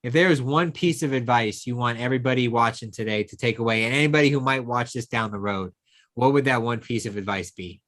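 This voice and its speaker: A man's voice: medium pitch, a little fast, fairly bright tone. A man hosting an interview, affirming and conversational, with lots of filler words. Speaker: interview host.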